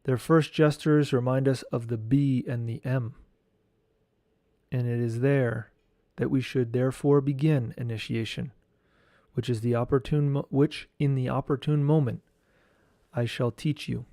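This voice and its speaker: A man teaching esoteric studies, reading a lecture text aloud in a slow, measured way and chanting mantra syllables. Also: medium pitch, fairly even intonation, dark tone, no room sound, clean studio sound.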